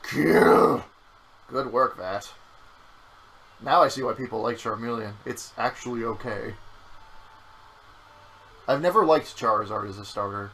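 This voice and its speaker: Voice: medium pitch, moderate pace, long pauses, bright, forceful tone, slightly rough, low-quality recording. A young adult game streamer in casual gameplay chat, teasing and swearing often. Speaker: game streamer playing through the game.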